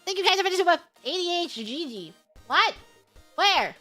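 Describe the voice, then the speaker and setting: Young woman streamer, high bright voice, giggly and bubbly, reading superchats over faint music. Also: sing-song, moderate pace. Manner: bubbly, giggly, sings snatches of songs. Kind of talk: casual livestream chat.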